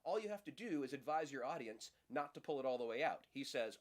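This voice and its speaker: A middle-aged man explains a magic trick in a relaxed, hands-on lesson. His voice sits at a middle pitch but moves through a very lively range. He keeps a playful tone as he talks the viewer through each move. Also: fairly quick, few pauses. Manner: lively, playful, acts out audience lines in high voices. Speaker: magic teacher. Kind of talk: casual demonstration lesson.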